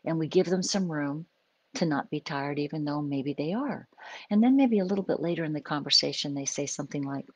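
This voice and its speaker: A woman with a notably low voice talks through ideas in an unscripted, conversational way, hosting a live stream as a psychologist. The sound is dry and close, with no room ring. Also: fairly quick, a little mellow, no room sound, rough recording. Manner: conversational, explains with acted examples and asides. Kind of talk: unscripted teaching talk to a live audience.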